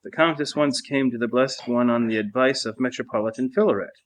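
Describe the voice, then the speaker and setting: A man reading a saint's life aloud in a monastery refectory at mealtime, measured and even, with small slips. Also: mid-range voice. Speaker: reader. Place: monastery refectory during a meal.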